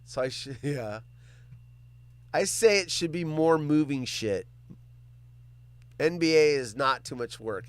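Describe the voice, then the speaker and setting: Lively high-voiced man chatting with viewers. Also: slow, long pauses, smooth, no echo. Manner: animated, joking, swears freely. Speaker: livestream host. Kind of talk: casual chat reading viewer comments.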